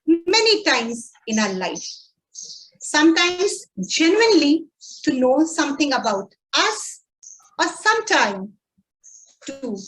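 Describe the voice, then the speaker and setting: A woman giving a prepared speech at a speaking club, slow and deliberate with dramatic pauses. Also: high voice, a bit bright, poor audio.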